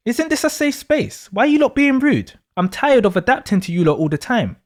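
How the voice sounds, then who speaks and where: A man's voice: very high voice, big pitch swings, brisk. A man voicing a dreamy, spacey young woman who rambles about mystical trips and snaps back with insults. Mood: defensive.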